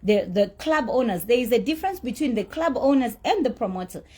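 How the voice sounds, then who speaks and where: A woman with a husky, slightly high voice recounts a quarrel in a blunt, indignant way. She swears freely and sounds thoroughly fed up. She comes across as middle-aged and speaks with a celebrity's self-assurance. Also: animated, fairly quick, darkish tone. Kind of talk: heated personal storytelling.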